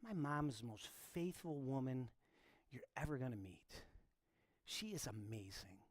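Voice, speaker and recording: A man in his fifties, a pastor telling a personal story to his congregation in a relaxed, self-deprecating way. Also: medium pitch, a little slow, no room sound. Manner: informal, self-deprecating, talks straight to the congregation. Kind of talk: conversational sermon storytelling. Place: church.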